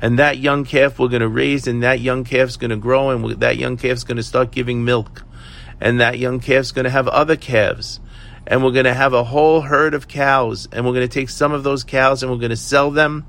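A man's voice: mid-range voice, little pitch movement, moderate pace, vocal fry, fairly bright tone, voice pushed up. A man doing a hopeful poor mother. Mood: planning. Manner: firm, soothing, then piling up plans. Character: poor village mother, patient, hopeful, scheming dreamer.

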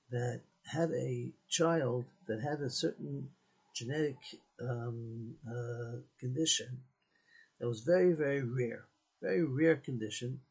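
A man's voice: mid-range voice, a little mellow, breathy edge, rough recording. A man giving a Torah talk as a rabbi, telling a story in an earnest way with many restarts and Hebrew and Yiddish terms.

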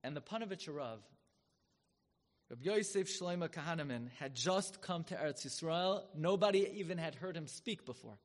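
A man giving a sermon as a story. He talks with drama and turns loud and high when he acts out the people in it. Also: lively intonation, moderate pace. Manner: dramatic, swells loud and high when acting out quoted rabbis. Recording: long hall reverb.

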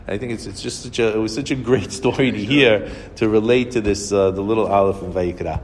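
A man giving a storytelling sermon, animated and acting out the characters as he goes. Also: fairly low pitch, a little fast, long reverb tail. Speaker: speaker giving a Torah talk.

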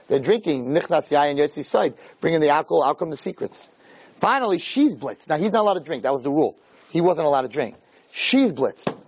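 A man giving a weekly Torah talk as a lively, chatty storyteller who drops in Hebrew terms. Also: on the high side, husky, rough recording. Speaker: Torah lecturer.

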